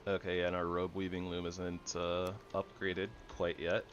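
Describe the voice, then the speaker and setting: Male gamer with a deep voice, relaxed rambling commentary that keeps correcting itself. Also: a little slow, highs cut off, slight background noise. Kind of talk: casual gameplay commentary.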